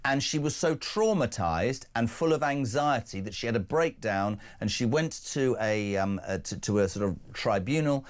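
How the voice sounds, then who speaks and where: A man's voice: mid-range voice, animated, moderate pace, few pauses. Brash, ranting male radio host. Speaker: radio breakfast show host. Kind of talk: opinionated talk radio banter.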